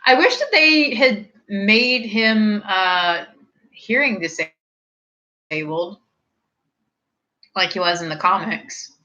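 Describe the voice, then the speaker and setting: A woman in her thirties, slightly tipsy, chatting casually with her viewers and rambling off into animated tangents. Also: mid-range voice, takes it slowly, pauses often, lo-fi sound. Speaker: streamer hosting a snack review.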